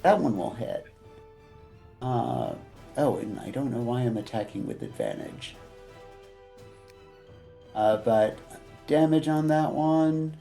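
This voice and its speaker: A man playing a tabletop game, thinking aloud in a hesitant way with many pauses. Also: medium pitch, lively intonation, gravelly, dark tone, soft background music. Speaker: player. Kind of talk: tabletop game play over voice chat.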